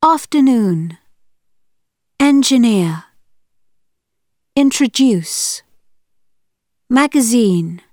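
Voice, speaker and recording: Woman slowly reading drill words. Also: on the high side, lively intonation, darkish tone, no room sound, studio quality. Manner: slow, carefully stressed single words with pauses. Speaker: pronunciation drill reader. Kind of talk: reading single words for a coursebook audio.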